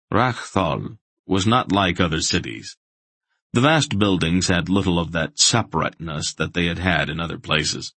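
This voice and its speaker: A man reading a fantasy audiobook in steady, measured scripted narration. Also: deep voice, breathy edge, no room sound.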